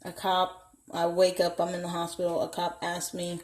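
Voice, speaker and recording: A woman's voice: fairly low pitch, completely flat delivery, moderate pace. A young woman vlogging a candid personal story at home, blunt and profane, acting out the voices of people she quotes. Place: home, indoors. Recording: echoey room.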